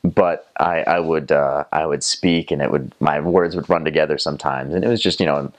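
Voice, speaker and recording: A man's voice: rumbling low, fairly even intonation, normal speed. A young man from North Carolina with a Southern American accent, telling stories in a casual, rambling way with many fillers and restarts. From North Carolina, USA. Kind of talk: casual storytelling.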